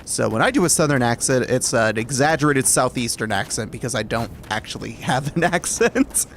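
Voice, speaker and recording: A man's voice: medium pitch, animated, moderate pace, slight background noise. Chatty, rambling man from Alabama. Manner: rambling and self-correcting, light chuckles. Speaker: streamer. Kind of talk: casual chat with stream viewers.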